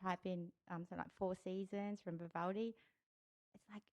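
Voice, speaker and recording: A woman's voice: lowish voice, level tone, moderate pace, a little mellow. A woman chatting as a guest over beers, often restarting her sentences and repeating herself. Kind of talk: casual chat over beers. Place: indoors, relaxed room.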